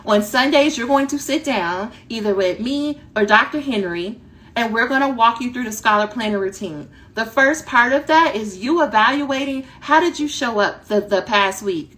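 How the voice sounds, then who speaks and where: A woman dissertation coach giving a direct, animated talk that acts out her students' inner voices. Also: a little high, moderate pace.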